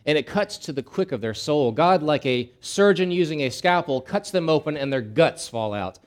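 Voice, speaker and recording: A man's voice: on the high side, lively intonation, normal speed, few pauses. A man preaching as a pastor, opening with a folksy anecdote and talking in a plain, conversational way with frequent restarts and repeated words. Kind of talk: sermon.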